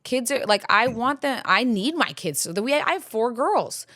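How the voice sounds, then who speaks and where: With a bright, forceful voice pitched on the high side, a woman in her thirties tells a story on her podcast. She's animated and keeps a moderate pace, rambling candidly with plenty of fillers and laughs in this casual storytelling chat.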